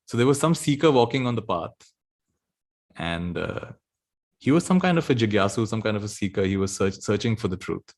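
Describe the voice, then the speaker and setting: Soft-spoken man telling a spiritual story. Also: on the low side, lively intonation, brisk. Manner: gentle, laughs often while telling stories. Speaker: spiritual teacher. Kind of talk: storytelling dharma talk.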